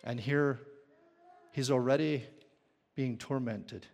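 Slow-speaking male pastor in a reverberant hall. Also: mid-range voice, fairly even intonation, creaky, darkish tone. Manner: questions the congregation. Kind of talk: sermon.

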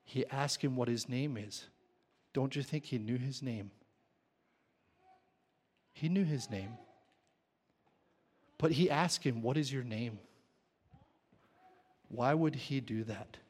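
A man's voice: mid-range voice, slow, pauses often, darkish tone, husky. A man preaching a sermon, often asking the congregation questions. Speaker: pastor. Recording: long hall reverb.

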